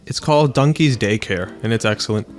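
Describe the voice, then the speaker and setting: A man's voice: fairly low pitch, brisk, faint music behind. Rambling man chatting while gaming. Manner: rambling, animated, acts out quotes in silly voices. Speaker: let's play host. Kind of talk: casual gaming chat.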